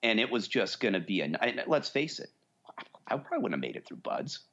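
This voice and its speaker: A man's voice: fairly low pitch, very animated, a little fast, fairly bright tone, dull audio. A man in his forties co-hosting a podcast, telling long stories in casual chat and acting out what people said. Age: 40s. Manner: rambling storyteller, acts out quoted voices. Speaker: podcast co-host.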